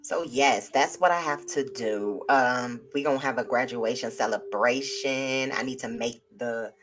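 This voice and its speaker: A woman hosting a live tarot stream, chatting casually and lively with her viewers. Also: extremely low pitch, a little slow. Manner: lively, chatty, talks to viewers as y'all and child.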